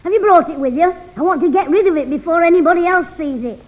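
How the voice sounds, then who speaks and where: An actor playing a cheeky, bossy little schoolboy in a 1960s radio comedy. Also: male voice, very high voice, fast. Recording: muffled, slightly noisy old radio recording.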